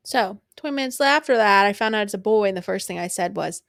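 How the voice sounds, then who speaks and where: A young woman hosts her own podcast and talks through a personal story in a loose, unfiltered way. She is blunt and swears freely. Her voice has a gravelly fry in mid pitch, recorded dry and close. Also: animated, quick pace, few pauses, a bit bright, no room sound. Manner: blunt and profane, laughs while telling. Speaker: podcast host.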